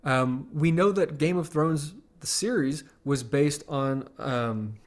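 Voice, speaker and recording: A man co-hosting a podcast in casual chat, wry and halting, with frequent restarts. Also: a little high. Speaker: podcast co-host.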